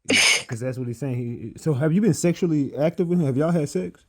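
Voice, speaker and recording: A man's voice: on the high side, brisk. A man interviewing a guest, asking blunt, probing questions in a casual way.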